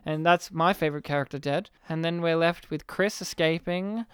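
Man, smooth clear voice, dry close sound, animated storyteller, huffing and sighing as he acts out his past self. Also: on the high side, normal speed, no room sound. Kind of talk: casual chat, animated storytelling.

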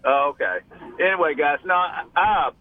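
Calling into a radio show over a tinny phone line, a Southern-accented man from Alabama chats casually, rambling and restarting often. His voice is fairly high and moves at a normal speed, with slight background noise.

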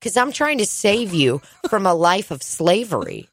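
A woman telling stories in casual chat, animated and swearing freely, often mimicking other people in a gruff low voice. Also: moderate pace, dry recording, studio quality.

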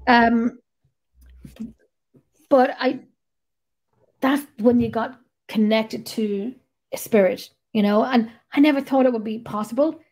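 A woman's voice: on the high side, a little slow, long pauses, a little mellow. Chatty woman, rambling and swearing. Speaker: podcast host. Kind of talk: casual chat.

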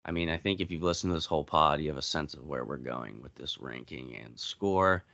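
A man's voice: extremely low pitch, brisk, vocal fry, a bit bright, no echo, lo-fi sound. A man hosting a podcast in casual chat, laid-back and steering the conversation. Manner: laid-back, leads the segment and hands off questions. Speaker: podcast host.

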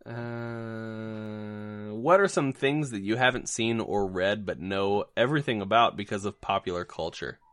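A man's voice: lowish voice, measured pace, fairly bright tone, no echo. A man co-hosting a podcast in casual chat, joking loosely with many restarts and fillers. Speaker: podcast co-host.

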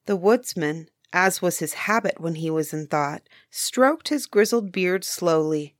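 A woman narrating a bedtime story, softly and unhurried. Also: on the low side, no echo, studio quality.

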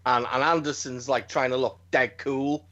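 A man's voice: mid-range voice, steady tone, moderate pace, a bit bright, highs cut off. A man on a podcast, chatting casually and telling stories in a rambling way, swearing and restarting his sentences often. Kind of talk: casual chat.

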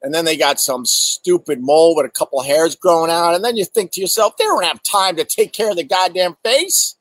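A middle-aged man, a comedian, telling casual stories outdoors in an animated, profane way and answering viewer chat. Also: mid-range voice, no room sound, rough recording. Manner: animated, profane, acts out exaggerated quotes. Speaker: comedian host. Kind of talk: casual storytelling monologue. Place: outdoors in bright sun.

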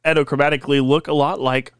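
A man's voice: fairly high pitch, flat delivery, quick pace, clean tone, dry recording, studio quality. A man co-hosting a casual comedy podcast, laying out absurd theories in a teasing, mock-serious way. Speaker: podcast co-host presenting conspiracy theories.

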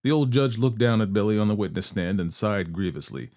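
A man reading a short story aloud with measured, theatrical narration. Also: on the low side, animated, darkish tone. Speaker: story reader.

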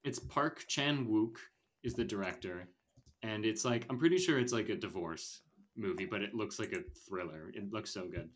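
A man's voice: lowish voice, normal speed, fairly bright tone. A man hosting a casual movie podcast, rambling and opinionated, with lots of fillers. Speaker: podcast host.

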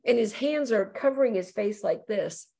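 A middle-aged woman evangelist, a guest on a show, telling a personal testimony in an animated way and acting out the voices she quotes. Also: mid-range voice, normal speed, vocal fry, slightly rough.

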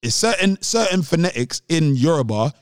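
A man, his voice a little higher than most, argues his point on a podcast. He talks in an animated way, repeating words and laughing. The sound is close and dry. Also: moderate pace, clean tone, no room sound. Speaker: podcast co-host. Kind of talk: casual podcast debate.

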